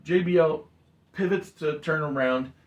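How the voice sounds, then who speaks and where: Animated male wrestling game narrator. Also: on the high side, measured pace, dull audio. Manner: animated storytelling, acts out wrestlers' lines. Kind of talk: casual play-by-play chat.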